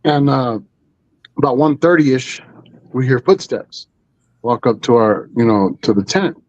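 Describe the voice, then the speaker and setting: A man's voice: mid-range voice, lively intonation, measured pace, dry recording, dull audio. A man telling a story as a guest on a live stream, rambling with many fillers and restarts. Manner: rambling, full of 'you know' and restarts.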